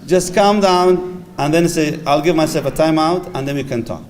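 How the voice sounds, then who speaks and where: Middle-aged male lecturer, lively and playful, acts out little scenes, higher voice, faint hiss behind. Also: moderate pace. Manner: animated, acts out little dialogues, Arabic phrases mixed in. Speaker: imam lecturing on marriage. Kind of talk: lively religious lecture to a live audience. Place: lecture hall with audience.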